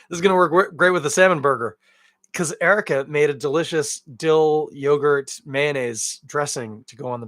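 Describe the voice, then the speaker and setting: A man hosts a casual solo podcast, rambling and joking with lively swings between loud bursts and muttered asides. His voice sits mid-range for a man. It is recorded close on a mic in a very dry room. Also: mid-range voice, no room sound. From Canada. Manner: rambling, jokey and animated, with big swings in loudness. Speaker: beer podcast host.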